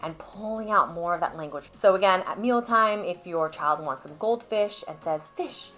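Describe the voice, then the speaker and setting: A woman's voice: on the low side, normal speed, fairly bright tone. Woman speech therapist explaining patiently. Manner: clear, patient explaining with examples. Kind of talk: instructional video talk to parents.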